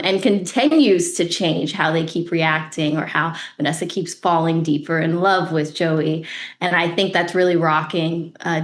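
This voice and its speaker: A woman, an actress guest on a podcast interview, talking in an earnest, reflective way that turns animated when she retells a story. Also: on the low side. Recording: roomy echo.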